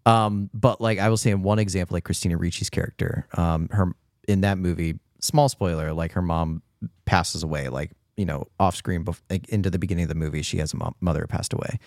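A man's voice: sits low, fairly even intonation, a little fast, a little mellow, no room sound, clean studio sound. A man co-hosting a casual film podcast, talking in hesitant, meandering stretches. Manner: hesitant, full of "like" fillers. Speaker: podcast co-host.

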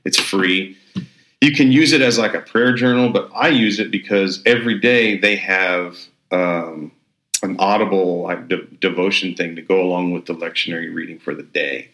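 A man's voice: sits low, moderate pace, fairly bright tone. A man, a pastor co-hosting a podcast, chatting casually in an upbeat, rambling way with many restarts. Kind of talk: casual chat. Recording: roomy echo.

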